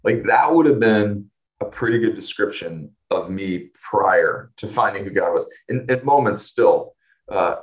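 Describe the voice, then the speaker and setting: An earnest middle-aged man recounts a personal story as a guest in a conversation. His voice sits a little low, and he often restarts his sentences and pauses when the moment turns emotional. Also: lively intonation, rough recording. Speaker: interview guest.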